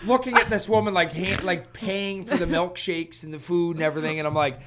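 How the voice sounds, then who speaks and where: A man in his thirties co-hosting a podcast, telling a family story in a casual, animated way, often laughing and acting out what people said. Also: high-pitched, a little fast, a crowd in the background. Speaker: podcast co-host.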